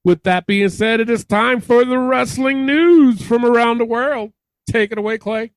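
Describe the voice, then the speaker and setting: A man's voice: very high-pitched, moderate pace, no room sound. A man hosting a wrestling podcast, reading out listener comments and laughing often between them. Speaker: podcast host. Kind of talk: casual chat.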